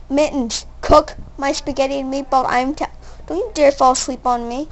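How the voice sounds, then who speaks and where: A woman's voice: high-pitched, brisk. A woman scolding her cat in a nagging, repetitive, demanding way. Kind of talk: mock-scolding a pet.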